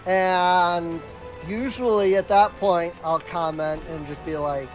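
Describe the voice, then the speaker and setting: Over music, a game streamer with a steady, medium-pitched voice chats casually and slowly on a live stream. Their stories come out exasperated, packed with "like" and restarted sentences.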